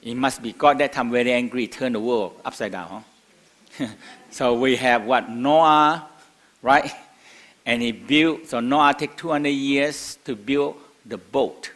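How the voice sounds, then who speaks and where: A man's voice: medium pitch, takes it slowly, fairly bright tone. An older man teaching a class in simple, broken English, asking the room rhetorical questions and chuckling between points. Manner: non-native English, broken grammar, chuckles often, asks rhetorical questions. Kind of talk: spoken lecture to a class.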